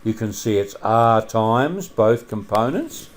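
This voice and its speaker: A man teaching a maths lesson over a screencast in a relaxed way, with many filler sounds and questions put to the students. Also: lowish voice, slow pace.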